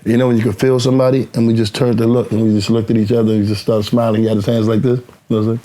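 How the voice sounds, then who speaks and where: Animated male rapper guest, mid-pitched, acting out quotes as he spins stories. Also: very fast. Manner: animated, acts out quoted dialogue, swears freely. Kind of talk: casual interview storytelling.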